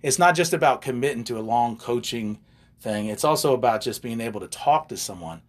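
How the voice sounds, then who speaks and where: A man's voice: medium pitch, brisk. An older man, a relationship coach, chatting casually and telling stories with asides and jokes. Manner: animated, wanders into side stories and jokes. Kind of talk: casual storytelling chat.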